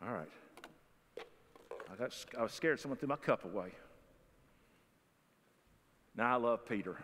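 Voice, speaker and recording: A man's voice: medium pitch, expressive, unhurried, a bit bright, a little hiss or hum. A man preaching a sermon as pastor, in a folksy, conversational way with humorous asides. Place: church sanctuary. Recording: long reverb of a church hall.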